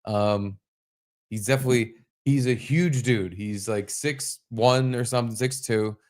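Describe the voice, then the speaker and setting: A man co-hosting a casual podcast, telling stories in an animated way, swearing freely and acting out his own startled yelps. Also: mid-range voice, a little slow. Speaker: podcast co-host. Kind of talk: casual chat.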